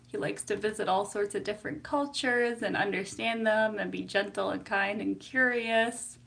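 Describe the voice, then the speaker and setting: A woman's voice: medium pitch, normal speed, creaky, fairly bright tone. A woman therapist chatting casually on a live stream, giggly and full of fillers. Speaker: psychotherapist.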